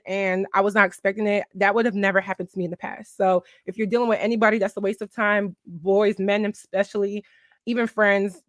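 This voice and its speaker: A woman's voice: mid-range voice, no room sound, clean studio sound. A woman in her twenties from Philadelphia chatting frankly to camera, giving advice with lots of "um" and "like". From Philadelphia, USA. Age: 20s. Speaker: vlogger. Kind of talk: casual advice chat.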